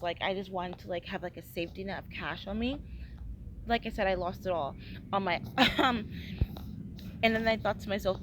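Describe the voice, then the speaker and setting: A woman's voice: mid-range voice, a little fast, noisy background. A young woman vlogging a casual travel diary, tired and hungover, rambling with lots of fillers and scolding herself. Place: airport waiting area.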